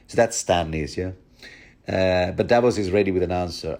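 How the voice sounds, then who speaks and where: A man with a fairly low voice hosting a podcast of book commentary. He talks in a loose, chatty way, cracking jokes and wandering into asides. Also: normal speed, darkish tone. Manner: jokey, chatty, full of asides. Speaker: podcast host. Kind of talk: casual chapter commentary.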